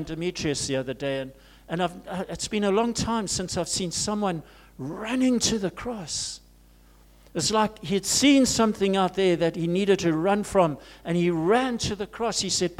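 Man, pastor, from Zimbabwe, high-pitched, impassioned sermon, big shifts in loudness. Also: a little slow. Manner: swings from loud urgent cries to soft hushed asides.

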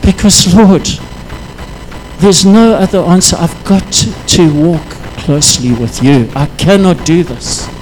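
High-voiced man preaching a sermon. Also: a little slow, few pauses, soft background music, rough recording. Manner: impassioned, rises into loud prayerful pleas.

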